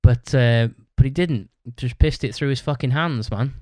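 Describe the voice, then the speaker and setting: On his own podcast, a host rambles through a long story bluntly, swearing heavily and restarting often in a casual monologue. His medium-pitched voice is darkish and moderately paced, with no room sound.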